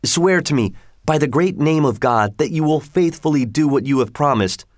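A man's voice: a little high, lively intonation, moderate pace, no room sound, studio quality, voice pushed up, lightly acted. A man voicing a triumphant fisherman who scolds a trapped genie in a read-aloud folk tale, declaiming sternly. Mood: defiant. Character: boastful, triumphant poor male fisherman.

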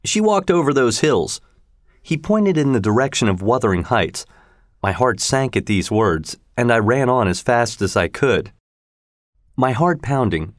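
A man narrating a storybook in a slow, measured reading style. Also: medium pitch, no room sound, studio quality.

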